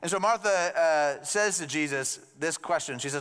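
A man delivers a sermon with a slightly raised pitch. He talks to the congregation in a loose, conversational way and drops in joking asides. His voice rings out with the long reverb of a large hall. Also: normal speed, fairly bright tone, smooth. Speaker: pastor.

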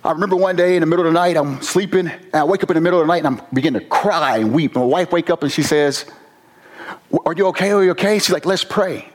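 Husky man telling his testimony. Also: a little high. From Virginia, USA. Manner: earnest, emotional storytelling with slow pauses. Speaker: former police officer sharing testimony. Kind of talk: personal testimony talk.

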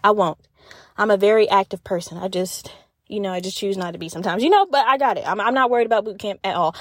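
A woman's voice: medium pitch, fast, dry recording, studio quality. A young woman hosting a podcast in casual chat, candid and profane, telling stories with lots of fillers. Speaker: podcast host.

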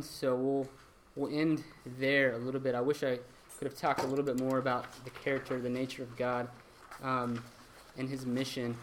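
A man's voice: mid-range voice, slight background noise. A young man teaching a church Bible class in a conversational way, with many ums and restarts.

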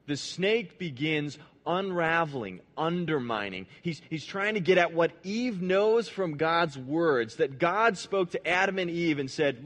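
A man preaching a sermon in a conversational way. He asks the audience questions, restarts his words, and drops low and soft for emphasis. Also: animated, unhurried, hardly any pauses.

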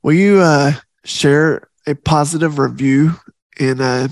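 A middle-aged man talks on his faith podcast, earnest and heartfelt, leaning on repeated phrases to drive a point home. His voice sits a little high for a man. The sound is close and dry, with no room around it. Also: takes it slowly, no room sound. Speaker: podcast host.

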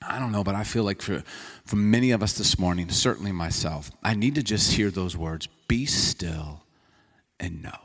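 A man's voice: low-pitched, normal speed, a bit bright. A male pastor preaching a sermon in a conversational storytelling way, acting out dialogue. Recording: reverberant hall.

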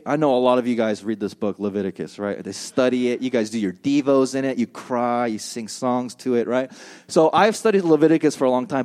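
A man preaching a sermon as pastor, animated and joking in a conversational way. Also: medium pitch. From United States.

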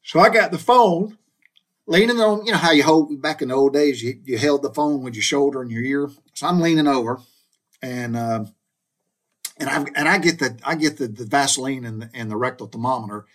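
A man's voice: medium pitch, fairly quick, a bit bright. A middle-aged man from the United States telling a personal story in a folksy, colloquial way, addressing listeners directly. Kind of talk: casual spoken storytelling.

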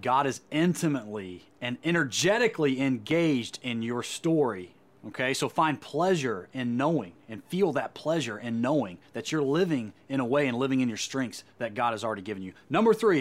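A man delivering a sermon as a Christian speaker, earnest and emphatic, often repeating words as he goes. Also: mid-range voice.

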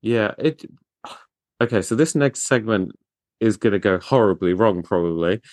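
A man hosting a podcast interview, chatty and self-deprecating with quick asides. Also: fairly low pitch, animated, a little mellow, dry recording. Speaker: podcast host. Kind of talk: casual interview chat.

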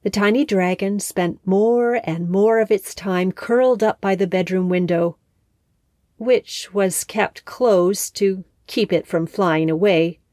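A woman host narrating a scripted story in a calm, expressive way on a close mic. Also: medium pitch, slow, no room sound.

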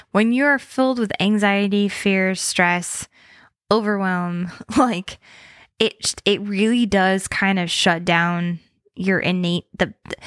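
A woman's voice: medium pitch, a bit bright, dry recording, studio quality. A woman co-hosting a casual faith chat, talking freely with lots of "like" and easy laughs. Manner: chatty, heavy use of "like", laughs easily.

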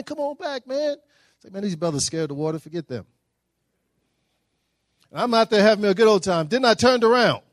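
A man tells stories to a breakfast crowd, acting out the voices of the people in them. His voice sits a little high for a man, and his delivery is folksy and animated. The sound is dry and close to the mic. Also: dry recording. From Dallas, Texas. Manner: animated, folksy storytelling with acted-out quotes. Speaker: guest speaker. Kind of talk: storytelling speech at a breakfast.

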